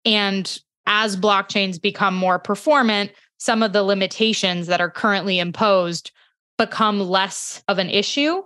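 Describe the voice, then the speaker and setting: A woman guest on a podcast speaking in a measured, thoughtful way. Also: medium pitch, steady tone, fairly bright tone, clean tone. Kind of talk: casual conversational discussion.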